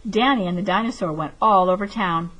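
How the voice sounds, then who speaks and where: A woman teacher reading a picture book aloud to children and then explaining a craft project, clear and patient. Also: mid-range voice, brisk, fairly bright tone, slight background noise, poor audio.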